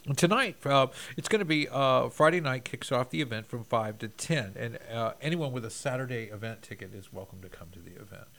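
A man's voice: mid-range voice, lively intonation, brisk, vocal fry, few pauses, fairly bright tone. A man from Texas chatting casually as co-host, rambling with lots of fillers and restarts. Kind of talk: casual chat.

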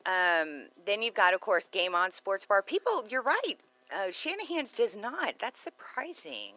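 A woman's voice: medium pitch, very animated, measured pace, sharp tone, no echo. A woman co-hosting a radio show in casual banter, bubbly and jokey, laughing often.

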